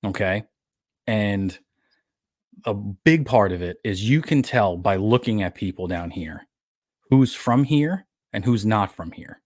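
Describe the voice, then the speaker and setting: Rambling New York man, low voice. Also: animated, unhurried, darkish tone, no echo, clean studio sound. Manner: rambling, self-correcting storyteller. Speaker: podcast co-host. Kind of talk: casual chat.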